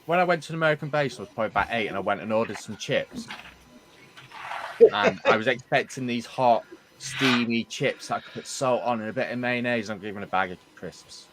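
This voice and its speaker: A man with a southern English accent, telling stories lively in a casual chat. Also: mid-range voice, fairly quick, a loud crowd. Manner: animated storyteller. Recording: clicks and background noise.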